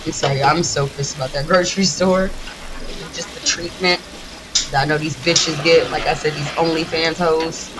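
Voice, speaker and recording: A woman from the United States, a gaming streamer, ranting in a heated, profane, rapid-fire way while she plays. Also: sits low, fairly even intonation, noisy background. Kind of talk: casual ranting during a livestream.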